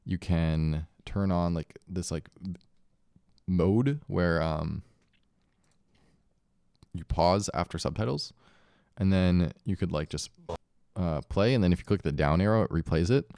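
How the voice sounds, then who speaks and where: A man's voice: sits low, unhurried, vocal fry, pauses often, darkish tone, clear, resonant tone, no echo, clean studio sound. A young man talking casually about learning a language, rambling with many filler words and self-corrections. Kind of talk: casual monologue vlog.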